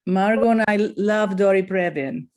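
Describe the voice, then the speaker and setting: A woman's voice: medium pitch, moderate pace, heavy background noise. A woman hosting an online salon from home over a video call, hesitant between remarks. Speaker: salon host.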